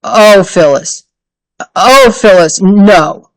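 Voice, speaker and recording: A woman's voice: mid-range voice, expressive, drawn-out words, no echo, rough recording. A woman voicing a bewildered, timid father who answers hesitantly. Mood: despairing. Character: baffled, timid middle-aged father.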